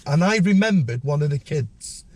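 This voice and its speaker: Man telling a rough story. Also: moderate pace, slight background noise. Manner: animated storyteller, acts out voices with sudden high pitch. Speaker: guest. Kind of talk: storytelling in a podcast interview.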